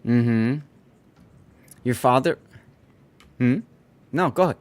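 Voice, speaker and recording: A man with a medium-pitched, slightly mellow voice talks slowly while live-streaming a naval warship game. He chats casually with viewers and answers their messages between callouts about torpedoes and ranges.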